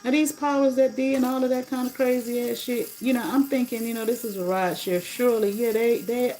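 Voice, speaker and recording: A woman's voice: on the high side, fairly even intonation, a little fast, mellow, a little hiss or hum, low-quality recording. A woman on a casual livestream, telling a story bluntly and indignantly and swearing freely. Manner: blunt, profane, indignant retelling. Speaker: livestreamer and rideshare driver.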